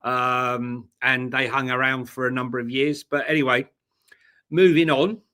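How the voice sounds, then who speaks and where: A man's voice: mid-range voice, steady tone, measured pace, pushed and bright. A man co-hosting a casual football chat show, emphatic and teasing, full of banter. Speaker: co-host.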